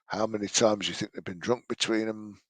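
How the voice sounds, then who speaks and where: A man's voice: fairly low pitch, fairly quick, no echo. A man giving sarcastic, sweary reaction commentary over a video. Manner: mocking, sweary, deadpan asides.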